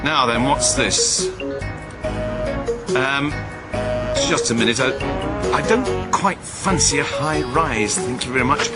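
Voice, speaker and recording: A man's voice: medium pitch, slow pace, pauses often, over loud music. A man presenting a children's puppet show in a chatty, jokey, exclaiming manner.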